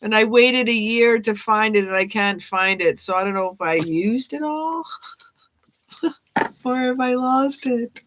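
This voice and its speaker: A woman hosting a live-stream tarot reading, chatting casually and warmly with her viewers and laughing often. She talks at an unhurried, slow pace. Her voice has a bright, forceful edge. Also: a little high. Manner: chatty, reads chat names aloud, laughs often. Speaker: tarot reader.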